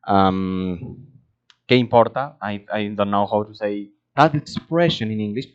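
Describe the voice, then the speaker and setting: A man whose first language is Spanish, practicing English in a casual monologue, hesitant and searching for words, growing animated when he argues a point. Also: fairly low pitch, a little slow, lo-fi sound. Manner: grows animated when arguing. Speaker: language learner.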